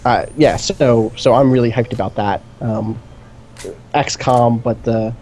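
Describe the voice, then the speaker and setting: Mellow-voiced man in excited rambling chat. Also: mid-range voice, a little slow, a little hiss or hum. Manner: enthusiastic, rambling, many fillers. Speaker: co-host of a gaming stream. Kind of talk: casual chat. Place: indoor streaming setup.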